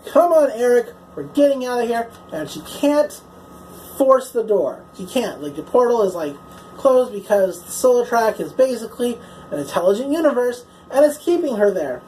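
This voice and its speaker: A woman's voice: fairly high pitch, sing-song, normal speed, dark tone, a little hiss or hum, poor audio. A woman casually recapping a TV episode as a reviewer, chatty and swearing freely, filling her talk with "like" and "you know".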